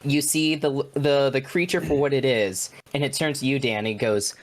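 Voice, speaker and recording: A man's voice: mid-range voice, fairly even intonation, normal speed, hardly any pauses. A man running a horror tabletop game as game master, narrating in a loose, chatty way with many restarts.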